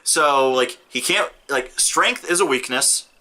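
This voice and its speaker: A man co-hosting a casual movie review, retelling scenes with lively put-on voices and frequent swearing. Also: medium pitch, takes it slowly. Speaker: co-host of a movie review show.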